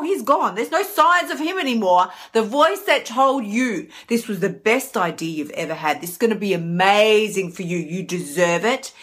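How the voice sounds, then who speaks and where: An Australian woman, an emotional eating coach, talking energetically and casually on a live stream. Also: on the high side. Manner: energetic, chatty, animated.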